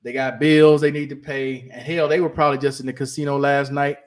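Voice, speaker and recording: A man's voice: medium pitch, level tone, brisk. A man hosting a podcast, talking to listeners in a candid, casual monologue. He often restarts and repeats phrases for emphasis. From United States. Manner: candid, emphatic, repeats himself while searching for words. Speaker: podcast host.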